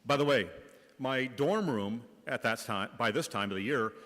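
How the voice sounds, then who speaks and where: A school principal from the Bay Area tells wry anecdotes with light comic timing, in a mid-pitched voice. His voice rings through a reverberant church hall. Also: normal speed, a bit bright. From Bay Area, California. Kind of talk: humorous storytelling reflection in church.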